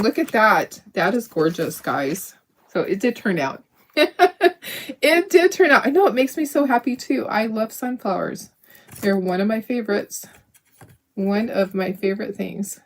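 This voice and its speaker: A middle-aged woman hosting a craft video, chatting casually to viewers as she works, upbeat, with frequent little laughs. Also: medium pitch. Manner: chatty, self-talking while working, frequent little laughs; upbeat, enthusiastic.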